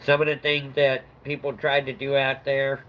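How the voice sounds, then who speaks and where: A man's voice: medium pitch, monotone, moderate pace, fairly bright tone, a little hiss or hum, poor audio. A middle-aged man hosting a livestream, telling a rambling story in a casual chat and laughing at his own tale. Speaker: livestream host.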